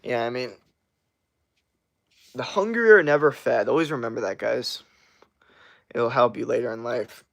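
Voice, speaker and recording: A man's voice: mid-range voice, normal speed, creaky, pauses often, a bit bright. A man hosting a casual livestream, answering chat with blunt, motivational advice and plenty of swearing.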